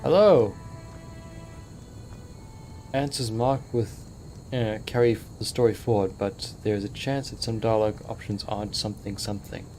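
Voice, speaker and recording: A man hosting a let's play, commentating with excitable, wide-eyed awe and the odd swear. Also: fairly low pitch, moderate pace, faint music behind.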